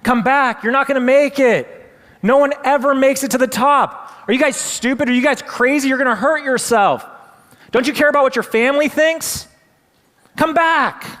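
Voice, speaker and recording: High shouting frog crowd, done by a man, strained and loud, long hall echo. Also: moderate pace. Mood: jeering. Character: crowd of tiny village frogs, loud and insistent.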